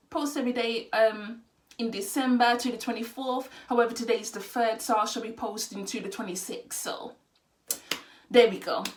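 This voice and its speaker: A woman's voice: on the high side, fairly bright tone. A young woman vlogger speaking her mind with passion, repeating phrases for emphasis and mixing Caribbean and slang words into her talk. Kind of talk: opinion vlog rant.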